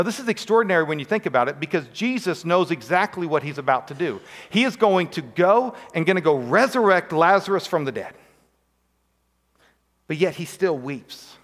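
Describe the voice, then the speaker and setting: Man, pastor, earnest sermon, slightly high voice, long hall reverb. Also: a bit bright. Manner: earnest preaching, voice rising on quoted pleas and dropping low on key lines.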